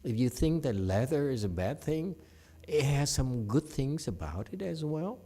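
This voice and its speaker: Unhurried middle-aged man teaching Buddhism, dark-toned and blunt, ribs his audience with a laugh. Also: medium pitch, very animated. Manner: frank and scolding, teases listeners by name, laughs often. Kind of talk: dharma talk to a live audience.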